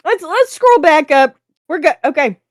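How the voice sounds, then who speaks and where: A woman co-hosting a writing prompt stream who chats excitedly, giggles, talks with her mouth full and reads stories aloud. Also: high voice, moderate pace, no echo, clean studio sound. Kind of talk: casual chat and reading stories aloud.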